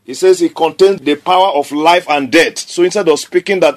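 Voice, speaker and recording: Man, sermon, emphatic, repetitive declarations, somewhat high pitch. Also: normal speed, hardly any pauses. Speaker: preacher.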